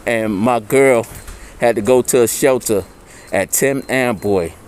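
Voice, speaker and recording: Man in middle age, mellow low-key tone, slangy storyteller. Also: unhurried, a little hiss or hum. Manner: slangy, loose street talk, acts out quoted voices higher. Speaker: interviewee. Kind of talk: casual storytelling.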